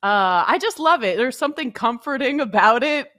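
A woman from Canada co-hosting a casual podcast chat, playful and animated. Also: fairly high pitch, moderate pace. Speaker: co-host.

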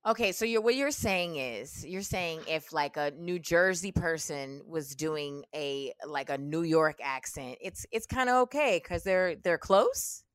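Playful female guest, very animated intonation, dry mic. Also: sits low, unhurried, hardly any pauses, dry recording. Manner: playful, teasing. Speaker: podcast guest. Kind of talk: casual comedic chat.

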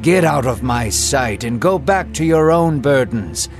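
A man's voice: mid-range voice, expressive, unhurried, lightly acted. A man voicing a proud, defiant Egyptian king who speaks in a cold, dismissive way. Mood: scornful. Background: music.

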